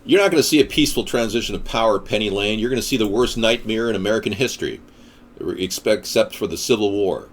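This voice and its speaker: A man's voice: fairly low pitch, quick pace. Ranting, combative man. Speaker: political commentator. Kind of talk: ranting political monologue.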